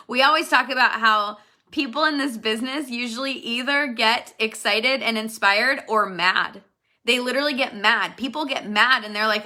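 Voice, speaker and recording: Bright earnest motivational woman. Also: on the high side. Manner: earnest, emphatic, repeats key lines. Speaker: network marketing team leader. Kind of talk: motivational talk to her team.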